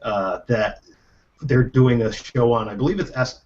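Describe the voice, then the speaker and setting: A man's voice: mid-range voice, unhurried, darkish tone. A man chatting on a panel over a video call, rambling and tripping over his words. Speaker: panelist, writer. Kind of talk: casual panel chat. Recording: dull lo-fi call audio.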